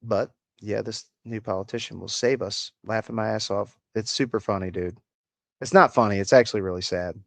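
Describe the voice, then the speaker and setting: A man's voice: lowish voice, fairly quick, creaky, no room sound. A man with a slight Appalachian country accent, hosting a casual livestream, reading chat aloud and answering with crude, sarcastic swearing.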